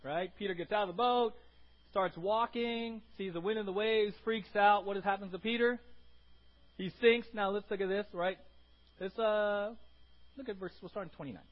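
A man's voice: high voice, fairly even intonation, normal speed, muffled recording. A man preaching a sermon as pastor, emphatic, repeating words and rising to cries.

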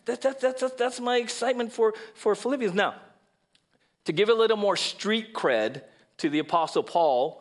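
A middle-aged man preaches to his congregation with a high, lively voice. He swings from loud, mocking put-on voices to quiet asides. The delivery is animated and conversational. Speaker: pastor. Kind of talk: sermon. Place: church sanctuary.

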